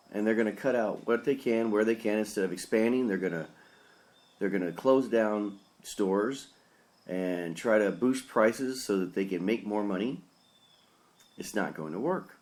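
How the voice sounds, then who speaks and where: A man with a very low voice talks through a casual solo podcast as its pastor host. He is opinionated and rambling, and stays earnest as he works through his points. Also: a little slow, darkish tone.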